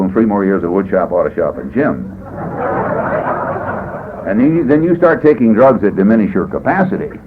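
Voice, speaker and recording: A man from California speaking at a recovery meeting, telling his story in a folksy, rambling way, often adding "boy" and "you know.". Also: medium pitch. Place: meeting hall. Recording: tinny phone-like 1980s tape, faint hiss.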